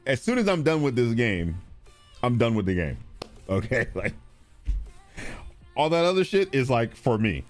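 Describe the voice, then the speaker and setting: A man streaming live, chatting casually and responding to viewers, animated and blunt, with frequent swearing. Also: moderate pace, long pauses, soft background music. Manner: animated, swings between loud and low, swears freely.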